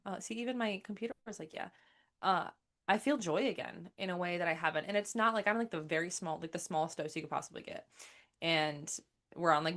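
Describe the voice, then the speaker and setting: A woman's voice: on the low side, a bit bright. A middle-aged woman and spiritual teacher talking candidly about her own life, rambling with many restarts and fillers. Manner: rambling, emotional, frequent "like" and restarts. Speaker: spiritual teacher and single mother. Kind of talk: candid personal talk.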